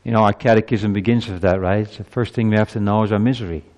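A man in his fifties preaching a sermon, moving from quiet reflection to loud, urgent appeals. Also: on the low side, fairly even intonation, fast. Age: 50s.

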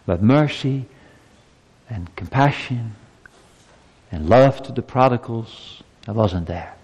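A man's voice: mid-range voice, lively intonation, slow pace, a little mellow, husky. A man preaches to his congregation in a church, pressing his points with rhetorical questions and now and then tripping over repeated words. His voice sits in a middle register. The sound carries a long reverb from a large hall. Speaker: pastor. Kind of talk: sermon.

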